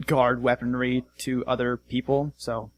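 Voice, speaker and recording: A man's voice: medium pitch, little pitch movement, a little slow, lightly acted. A man voicing a polite, apologetic jail guard who chats and explains himself. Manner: apologetic, chatty.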